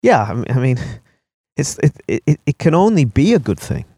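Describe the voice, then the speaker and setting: A man's voice: medium pitch, big pitch swings, brisk, mellow, no echo. A man co-hosting a casual podcast who talks in loose, rambling sentences, thinking aloud as he goes. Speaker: podcast co-host.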